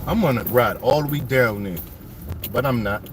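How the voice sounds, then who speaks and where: A man telling his life story to viewers as he drives around his old city neighborhood, animated and full of street slang. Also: mid-range voice, normal speed, background noise.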